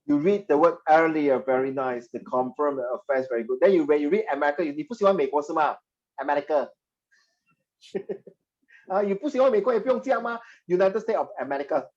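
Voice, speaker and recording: Lively, teasing male history teacher. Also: fairly high pitch, fast talker, few pauses, muffled recording. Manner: animated and teasing, mixing in Mandarin phrases. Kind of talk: classroom lecture. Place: classroom.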